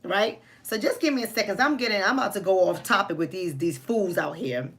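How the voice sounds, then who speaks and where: A woman's voice: medium pitch, expressive, a little fast. A woman with a New York accent hosting a live commentary stream, blunt and outspoken, talking straight to her chat. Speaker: livestream host.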